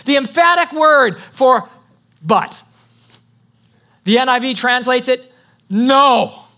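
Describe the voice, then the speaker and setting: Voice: sits high, expressive, slow, bright, forceful tone. A pastor giving an emphatic sermon, reading scripture aloud and calling on the congregation to answer back. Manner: emphatic preaching with call-and-response; reads scripture aloud between remarks.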